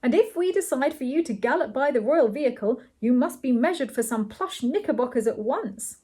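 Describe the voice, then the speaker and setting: A woman's voice: high voice, lively intonation, a little fast, warm tone, slightly rough, voice pushed up. A woman reading as a pompous male earl. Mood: lofty.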